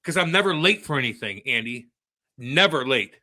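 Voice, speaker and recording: A man's voice: mid-range voice, lively intonation, normal speed, sharp tone. A man co-hosting a podcast, ranting and swearing in a worked-up casual chat. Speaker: podcast co-host.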